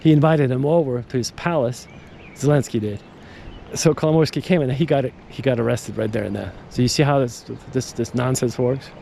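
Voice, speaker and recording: A man's voice: mid-range voice, fairly quick, gravelly, warm tone, a little hiss or hum. A man hosting a podcast, talking in a casual, digressive monologue that repeats words and restarts sentences. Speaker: podcast host.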